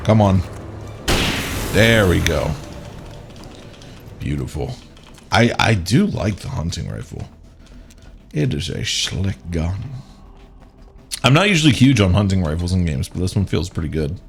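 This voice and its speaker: A man's voice: low voice, sing-song, unhurried, creaky, pauses often, slight background noise. A man streaming live, joking sarcastically with his chat and the game characters as he plays. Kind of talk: live gaming commentary.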